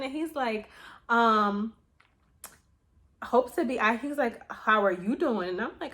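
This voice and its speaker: A young adult woman vlogger chatting casually to her viewers, telling a story in an animated way with slang and swearing. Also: fairly high pitch, normal speed. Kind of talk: casual chat to camera.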